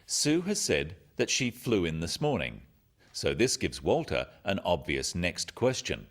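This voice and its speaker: A deep-voiced male narrator delivers a scripted lesson, clear and instructive, with highly animated intonation and a slightly slow pace.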